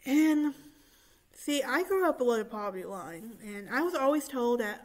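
A young woman in her twenties talking casually and excitedly to her viewers, with many fillers, recording in a church room. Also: fairly high pitch, normal speed. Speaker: vlogger. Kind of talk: casual vlog chat.

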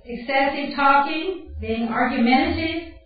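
A woman's voice: high-pitched, a little slow. Folksy older woman in an echoing hall. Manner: folksy, chatty, laughs at her own stories. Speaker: Bible camp speaker. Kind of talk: teaching talk mixed with personal stories. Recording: very echoey hall, distant and dull.

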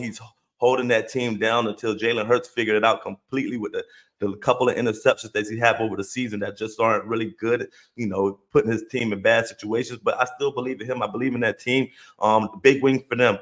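A man's voice: medium pitch, a bit bright. Emphatic man hosting a sports podcast. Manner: emphatic, repeats phrases for punch, casual cursing. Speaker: podcast host. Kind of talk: sports talk commentary.

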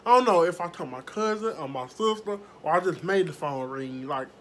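A woman vlogger telling a story to her viewers in a casual, animated way, swearing freely. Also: lowish voice, fairly quick, a little hiss or hum. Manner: animated, profane, talks straight to viewers.

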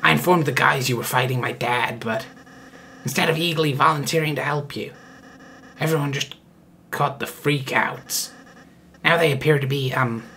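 A man's voice: mid-range voice, normal speed, creaky, pauses often, bright, forceful tone, a little hiss or hum. A man voicing a cocky, goofy young villain prince, playful and mock-villainous, in a fan voice-over of a game. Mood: sheepish.

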